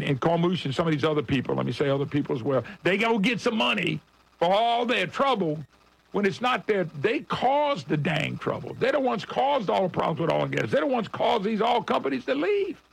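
Gravelly radio host, high-voiced man. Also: sing-song, brisk, rough recording. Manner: blunt, folksy and combative, addressing listeners as folks. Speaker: radio talk show host. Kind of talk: opinionated radio monologue.

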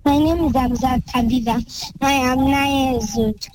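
A caller on a children's radio quiz, answering and spelling in halting pieces over a distant phone line. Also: female voice, sits high, fairly even intonation, background noise.

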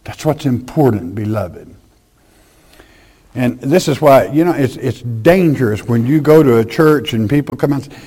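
A man preaching a folksy, emphatic sermon, swinging between loud declarations and hushed asides. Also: mid-range voice, expressive, moderate pace, breathy edge.

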